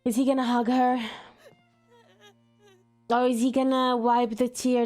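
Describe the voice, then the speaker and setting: A woman's voice: a little high, flat delivery, a little slow, long pauses, a little mellow, soft background music. A woman hosting an anime reaction video, talking to herself casually with frequent emotional exclamations. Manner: emotional, exclaiming, thinks aloud.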